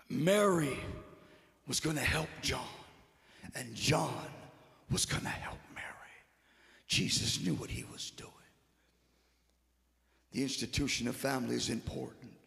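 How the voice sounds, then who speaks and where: Man preaching slow in a big echoey church, goes from whispering to shouting, says stuff twice. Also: medium pitch, vocal fry. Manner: swings between hushed whispers and shouted exhortation; repeats short phrases for emphasis. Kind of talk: Good Friday sermon. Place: church sanctuary. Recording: long church reverb.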